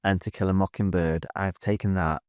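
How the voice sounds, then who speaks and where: A man with a lowish voice talks as a podcast guest, recounting a memory with earnest hesitations. The recording is dry and close, with no room sound. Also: fairly even intonation, fairly quick, a little mellow, clean tone, dry recording. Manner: earnest storytelling, hesitant, with fillers. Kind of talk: casual interview chat.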